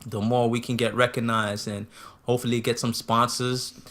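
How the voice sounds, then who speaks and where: A man's voice: medium pitch, moderate pace. A man co-hosting a casual podcast, chatting and urging listeners to subscribe and rate the show. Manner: animated, agreeable, hypes the show. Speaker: podcast co-host. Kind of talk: casual chat.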